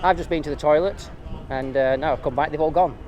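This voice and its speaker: A street video blogger films a protest on a handheld camera, chatting casually to the camera and joking with passers-by on a busy city street. His voice is fairly high, fast, and darkish in tone, and the audio is dull, picked up by the camera mic in a noisy outdoor recording full of crowd and traffic.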